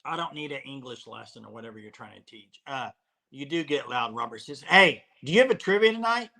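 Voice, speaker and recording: A man hosting a live sports talk show, relaxed and conversational, speaking to the chat. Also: medium pitch, fairly quick, gravelly. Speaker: host.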